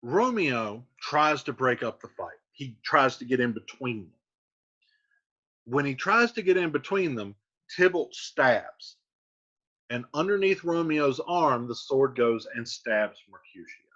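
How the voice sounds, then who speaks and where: Lively, husky male teacher retelling a play. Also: mid-range voice, unhurried, highs cut off. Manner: conversational, paraphrasing in plain words.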